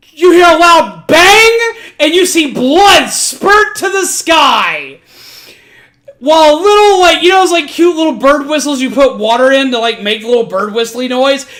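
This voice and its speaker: High voiced lady streamer cussing her way through a story recap, super animated. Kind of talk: casual retelling of an anime plot.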